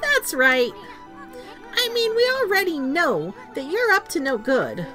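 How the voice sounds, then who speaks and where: A woman voicing a tiny, brash male sidekick who taunts and scoffs in a squeaky voice. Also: very animated, unhurried, music in the background. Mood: scornful.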